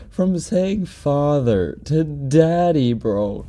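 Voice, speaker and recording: A man live-streaming on an ASMR channel, chatting casually about clips, often breaking into giggles while trying to keep his voice soft. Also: sits low, measured pace, breathy edge. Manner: giggly, breaks into laughter, talks softly. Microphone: binaural ASMR microphone.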